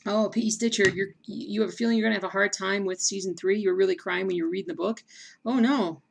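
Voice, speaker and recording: A woman hosting a casual livestream chat, reading viewer comments aloud between bursts of excitement. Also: mid-range voice, fast talker, creaky. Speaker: stream host.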